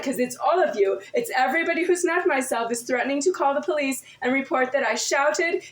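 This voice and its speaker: A woman's voice: sits high, roomy sound, low-quality recording. A woman in a confrontational monologue to camera, firing off insistent, repetitive rhetorical questions.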